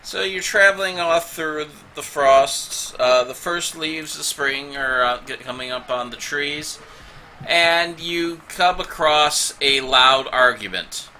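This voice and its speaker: A man narrating a tabletop game as game master, unhurried and hesitant with fillers. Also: fairly high pitch, sharp tone, slight background noise, poor audio.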